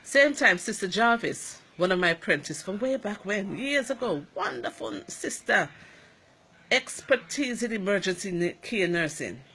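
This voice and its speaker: Antiguan woman nurse telling her story; bright, forceful tone, emphatic and animated. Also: medium pitch, moderate pace, breathy edge. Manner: animated, emphatic, acts out the dialogue. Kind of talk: emotional personal account.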